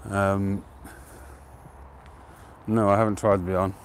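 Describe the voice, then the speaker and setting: A man hosting a live stream outdoors, chatting to viewers in a relaxed, rambling way and greeting them by name. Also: lowish voice, slow, a little hiss or hum. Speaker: pipe-smoking livestream host. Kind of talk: casual live-stream chat.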